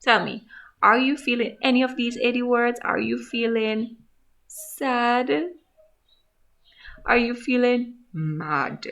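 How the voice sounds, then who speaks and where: A woman teacher slowly sounding out letters and words in a gentle, encouraging phonics lesson for young children. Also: fairly high pitch, animated, vocal fry. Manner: gentle, encouraging, asks questions to young pupils. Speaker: grade one teacher.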